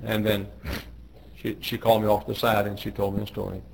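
A man's voice: fairly low pitch, monotone, fairly quick, creaky, husky, poor audio. A middle-aged man, a pastor, telling joking stories in a folksy way on a radio devotional. He raises his voice when he quotes people.

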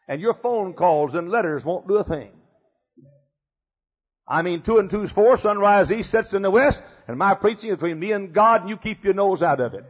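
Emphatic older pastor, husky fiery sermon. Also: male voice, high-pitched. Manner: emphatic, repetitive, swings from shouting to hushed. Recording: dull lo-fi sermon recording.

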